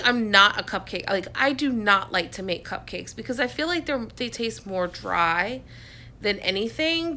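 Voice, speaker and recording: A chatty woman vlogs into a close phone mic from her couch at home, wandering from thought to thought with plenty of ums and restarts. Her voice is bright and forward. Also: medium pitch. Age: adult, has a son. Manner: rambling, chatty, many fillers and restarts. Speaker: vlogger. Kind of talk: casual chat to camera. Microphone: phone on a selfie stick, close.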